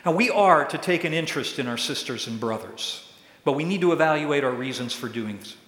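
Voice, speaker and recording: A man preaches a sermon from the pulpit, his voice a touch high and echoing through a large, reverberant room. He acts out the questions he quotes, lifting his voice to play them. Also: animated, fairly quick, a bit bright. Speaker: pastor. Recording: echoey hall with long reverb.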